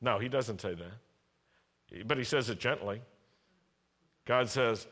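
A male pastor preaching a sermon in an animated way, acting out voices and having the congregation repeat lines after him. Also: mid-range voice, slow pace, long pauses.

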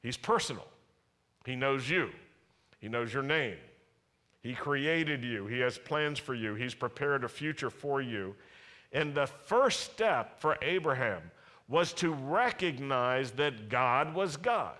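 A male pastor delivers a sermon in an earnest, emphatic way, circling back to repeat his key phrases. His voice sits at an ordinary middle pitch. It rings out with a long hall reverb. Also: animated, takes it slowly, bright, forceful tone. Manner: earnest, emphatic preaching with repetition.

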